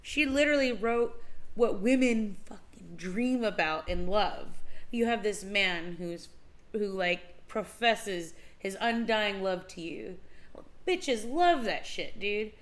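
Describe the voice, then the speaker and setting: A woman's voice: medium pitch, lively intonation, slow. A woman co-hosting a casual chat who talks bluntly, swears freely and says dude. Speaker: co-host.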